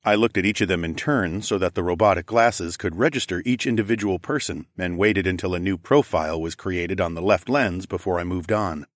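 Low-voiced man narrating an audiobook. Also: brisk, few pauses, dry recording, clean studio sound. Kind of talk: first-person audiobook narration.

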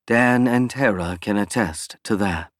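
Calm alien pilot, low steady voice, read by a man narrating. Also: no echo, clean studio sound, lightly acted. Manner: measured, reassuring.

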